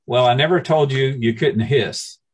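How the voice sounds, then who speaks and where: A man voicing a calm, wise male guru in a story, spoken plainly. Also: medium pitch, normal speed, slight background noise, close to an everyday voice. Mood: dry.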